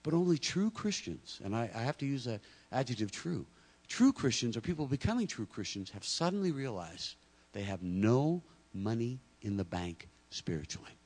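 A man's voice: mid-range voice, very animated, normal speed, a little mellow. A man preaching a sermon, talking to the congregation directly and acting out imagined speakers. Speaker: pastor.

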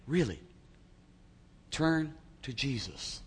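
A man's voice: a little high, big pitch swings, a little slow, long pauses, a bit bright, slightly rough. Male pastor, sermon, conversational, humorous storyteller, long reverb in a large church hall.

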